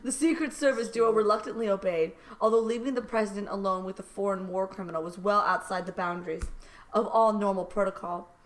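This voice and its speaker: A woman reading a raunchy satirical story aloud with dry, deadpan delivery. Her pitch sits in a mid range. She banters casually between passages of the comic read-aloud. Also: brisk. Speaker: podcast co-host reading fan fiction aloud.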